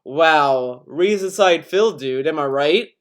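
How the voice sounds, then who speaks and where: A man's voice: a little high, lively intonation, slow pace. A man from Greece, a streamer giving sarcastic, profane reaction commentary, often laughing.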